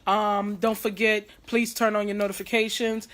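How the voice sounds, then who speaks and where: A woman hosts a casual live stream, her voice hoarse and worn. She speaks earnestly and a little preachily, pressing her advice home to her viewers. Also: mid-range voice, little pitch movement, moderate pace, fairly bright tone. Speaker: host. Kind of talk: casual livestream talk.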